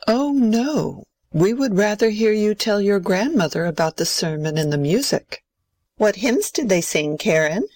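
A woman's voice: mid-range voice, lively intonation, unhurried, a little mellow, no echo. A woman playing a strict old grandmother. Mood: prim. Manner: stern, scolding. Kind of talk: amateur play reading.

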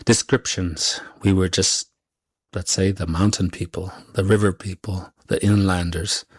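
A male musician, a guest whose first language is Inuktitut, answering interview questions haltingly with many pauses and fillers. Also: low-pitched, little pitch movement, breathy edge, no echo, studio quality.

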